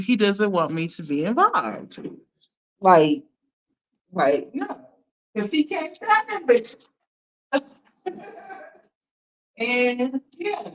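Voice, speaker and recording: A woman with children chatting casually to viewers on a live stream, animated and blunt, laughing often and using slang. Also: a little high, slow pace, long pauses. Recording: dull lo-fi sound.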